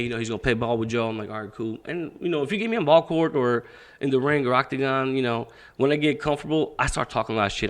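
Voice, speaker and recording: A man in his thirties from Pakistan, a boxing coach talking as a podcast guest, telling a story casually with frequent swearing and acted-out quotes. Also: mid-range voice. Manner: animated storyteller, swears freely, acts out quotes.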